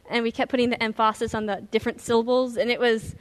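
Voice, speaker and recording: Woman pastor, earnest and emphatic sermon, high pitch, storyteller. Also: fairly even intonation, fast talker.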